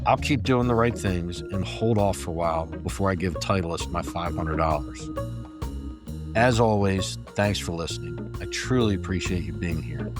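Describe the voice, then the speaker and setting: A man's voice: low voice, moderate pace, music in the background. An older man hosting a solo podcast, talking in an easygoing, self-deprecating way. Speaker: podcast host.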